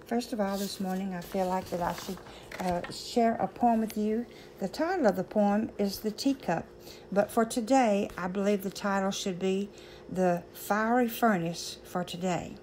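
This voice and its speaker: A woman's voice: mid-range voice, steady tone, moderate pace, mellow, slight background noise. Earnest woman leading a morning prayer. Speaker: devotional speaker.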